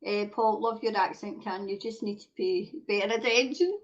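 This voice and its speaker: A Scottish woman with a medium-pitched voice hosts a casual livestream chat, reading viewer comments aloud. She rants, swears, and flares up quickly, and the recording has its highs cut off.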